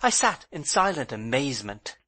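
A man narrating a classic novel as an audiobook in a measured, plain storytelling manner. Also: mid-range voice, big pitch swings, pushed and bright. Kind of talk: scripted narration.

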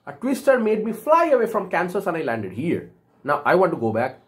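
A woman's voice: wildly swooping pitch, brisk. A woman voicing a curious lost young girl. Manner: questioning, raised pitch.

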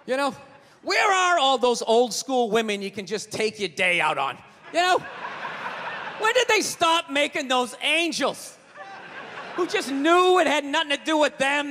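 A man's voice: very high-pitched, bright, forceful tone, big-room sound, slight background noise. A man doing stand-up comedy on a stage, ranting profanely with rhetorical asides.

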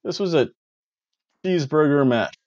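A man's voice: on the high side, expressive, normal speed, a little mellow, no echo, highs cut off. A man hosting a casual wrestling review, rambling and joking as he recaps matches. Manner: rambling, jokey, repeats catchphrases.

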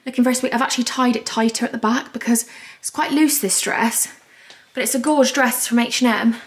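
Young woman, slightly high voice, breathless bubbly vlog chat at home. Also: steady tone, a little fast, slightly rough. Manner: chatty, bubbly, rambling. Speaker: vlogger. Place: at home indoors.

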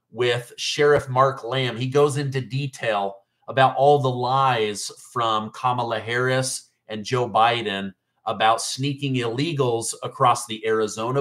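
A man in the middle pitch range hosts a political news livestream. He talks casually and chattily to his viewers, with a mocking, incredulous edge. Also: fairly bright tone.

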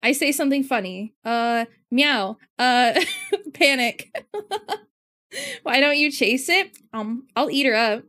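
A woman's voice: sits high, very animated, takes it slowly, a bit bright. A woman streamer chatting casually, giggly and playful, often teasing. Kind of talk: casual livestream chat.

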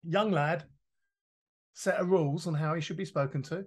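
A man, a podcast guest explaining his ideas in a lively, casual way, acting out quoted voices and swearing now and then. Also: on the high side, normal speed. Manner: animated, swears freely, acts out quoted voices.

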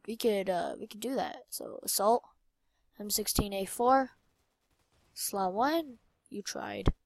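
A young woman giving casual commentary while playing a shooter game, excitable and often muttering to herself. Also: a little high, no room sound. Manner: excitable, swears mildly, trails off into mumbling. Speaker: gamer. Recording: faint game gunfire behind.

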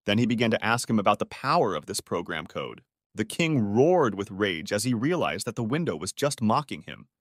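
Man narrating a story recap, lively pitch. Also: a little fast, no room sound, clean studio sound.

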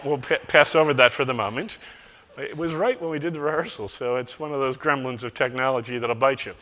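Male keynote speaker, bright forceful voice, slightly high pitch, joking and conversational, long hall reverb. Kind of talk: conference keynote speech. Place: large conference hall.

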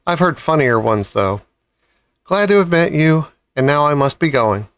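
A man's voice: a little high, expressive, normal speed, a bit bright, smooth, no echo. A man doing a polite, precise spider lady. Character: polite, tired, wise female spider.

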